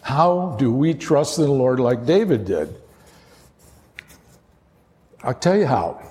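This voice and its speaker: A man's voice: medium pitch, big pitch swings, slow pace, darkish tone, in a large hall. A man preaching a sermon as pastor, earnest and emphatic.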